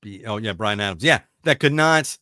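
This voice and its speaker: Animated middle-aged male radio host. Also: lowish voice, normal speed, dry recording, clean studio sound. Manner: rambling, animated storytelling with restarts. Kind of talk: casual radio chat about music.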